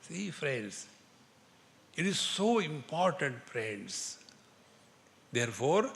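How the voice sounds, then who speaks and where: A man speaking English with an Indian accent, giving a spiritual discourse as a teacher, telling humorous stories slowly and chanting Sanskrit verses. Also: fairly high pitch, sing-song, vocal fry, fairly bright tone. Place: lecture hall with an audience. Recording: long hall reverb, faint noise.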